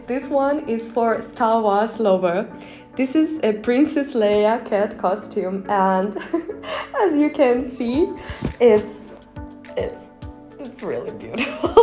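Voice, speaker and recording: Young woman, giggly, higher voice, swooping pitch, unhurried, soft music behind. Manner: giggly, laughs often, playful put-on voices. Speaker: vlogger reviewing cat costumes. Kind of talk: casual reaction commentary.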